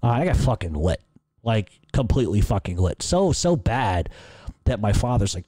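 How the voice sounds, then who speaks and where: A man's voice: medium pitch, very animated, a little fast, warm tone, no echo. A middle-aged man hosting a podcast, answering listener questions in casual, profane, rambling storytelling. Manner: profane, rambling, laughs at own stories.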